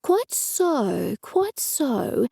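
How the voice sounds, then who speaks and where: A woman's voice: mid-range voice, big pitch swings, slow pace, creaky, darkish tone, no echo, studio quality, exaggerated voice. A woman voicing a fussy, effusive male accountant in an audiobook, speaking eagerly.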